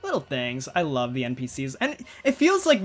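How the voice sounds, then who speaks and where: A man's voice: medium pitch, wildly swooping pitch, moderate pace, a bit bright. A man giving casual, rambling commentary while playing a game, often breaking off and restarting his thoughts. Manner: rambling, chatty, self-interrupting. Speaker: gaming channel host. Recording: faint game music behind.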